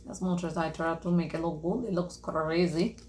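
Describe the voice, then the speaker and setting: A woman's voice: fairly low pitch, fairly even intonation, normal speed, very noisy. Chatty young woman vlogging a craft. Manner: self-deprecating, chatty, talks to viewers while painting. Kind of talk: casual craft vlog chat.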